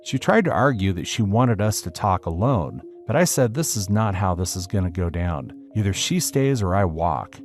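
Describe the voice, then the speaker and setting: A man narrating a first-person story aloud with a steady storytelling delivery. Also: deep voice, moderate pace, few pauses. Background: faint music.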